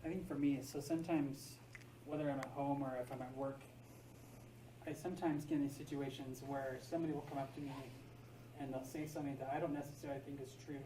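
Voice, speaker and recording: A man's voice: mid-range voice, steady tone, fast, dark tone, reverberant, recorded from a distance, a little hiss or hum, low-quality recording. A man in a class sharing an example, thinking aloud with hesitations. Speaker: student. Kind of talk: classroom discussion.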